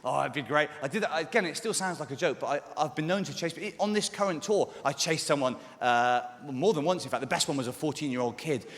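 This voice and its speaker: Fast-talking English stand-up man, roomy hall. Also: fairly high pitch. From England. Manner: rambling, self-mocking, quick asides and sudden shouts. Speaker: stand-up comedian. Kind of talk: live stand-up with crowd banter. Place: large theatre with a live audience. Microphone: stage microphone. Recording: roomy live theatre recording with crowd noise. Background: audience laughter and cheering.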